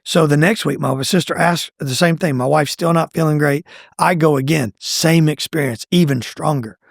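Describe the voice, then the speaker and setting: A middle-aged man telling his own faith testimony in a conversational, animated way, acting out what people said. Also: normal speed, vocal fry, dry recording, clean studio sound. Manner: animated, acts out quoted lines with pitch jumps. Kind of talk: conversational storytelling.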